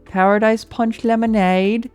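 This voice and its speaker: A sneering, shrill voice in an exaggerated mock-British accent, as a man puts it on over faint music. Each phrase lifts and trails off, never quite landing, and the mockery sits on top of every line. It is plainly a joke voice, pushed well above his own. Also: flat delivery, a little slow, a little mellow. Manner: sing-song, trailing off like a question.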